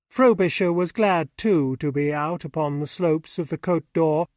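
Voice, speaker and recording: A man narrating an audiobook with steady, even storytelling on a close mic. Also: on the high side, a little slow, hardly any pauses, no room sound. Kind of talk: scripted narration.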